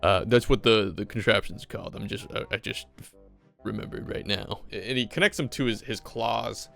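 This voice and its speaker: A man's voice: on the low side, normal speed, gravelly, a bit bright, soft background music. A man casually recapping a movie with profane, rambling enthusiasm.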